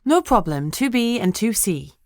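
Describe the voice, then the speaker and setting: A woman's voice: medium pitch, sing-song, normal speed, darkish tone, dry recording, voice pushed up. A woman voicing a flirty, gushing female siren receptionist with a thick Scouse accent, in a dry audiobook recording.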